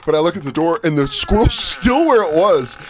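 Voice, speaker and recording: A man's voice: on the high side, a little fast. A man co-hosting a casual comedy talk show, telling a story with lots of energy and acting out the voices in it. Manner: animated, acts out voices in his stories. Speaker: podcast co-host.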